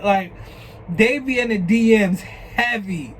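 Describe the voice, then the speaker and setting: A man's voice: high-pitched, takes it slowly, a little hiss or hum, low-quality recording. A young man from New Jersey casually telling a storytime about scam attempts, swearing freely and acting out the messages he got. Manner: animated, profane, retelling chats with quoted lines. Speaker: vlogger.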